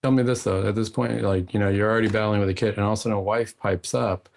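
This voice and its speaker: A male radio host with a somewhat low voice talks in a relaxed, conversational way. He asks probing questions and sometimes teases his co-host playfully. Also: fast, creaky, a little hiss or hum. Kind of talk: call-in radio talk.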